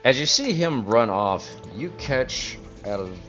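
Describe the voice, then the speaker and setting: A man narrating as game master of a tabletop game, animated and acting out sounds. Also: mid-range voice, measured pace, lo-fi sound, soft background music. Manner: animated, acts out sounds and characters.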